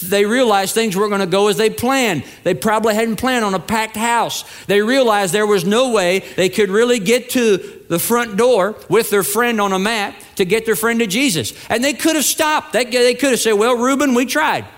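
A man's voice: high-pitched, moderate pace, few pauses, a bit bright. A male pastor preaching a sermon, telling stories and acting out the voices of the people in them. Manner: storytelling with acted-out voices, building to emphatic peaks.

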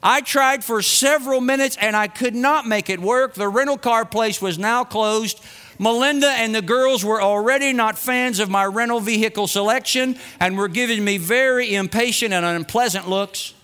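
A man's voice: extremely high pitch, normal speed, pushed and bright, clear, resonant tone. A middle-aged man telling a self-mocking, humorous personal story to an audience. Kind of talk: personal anecdote told to an audience. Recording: long reverb.

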